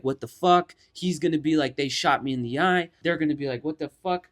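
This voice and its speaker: Animated young man telling a story. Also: on the high side, fairly quick, hardly any pauses. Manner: animated, swears a lot, acts out quotes. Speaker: podcast co-host. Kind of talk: casual storytelling chat.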